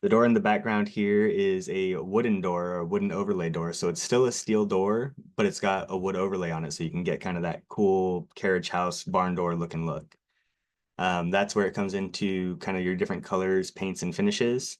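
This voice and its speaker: Very deep-voiced, nervous man presenting. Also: steady tone, normal speed. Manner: nervous, self-deprecating, many fillers. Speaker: garage door company presenter. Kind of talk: local TV sales presentation.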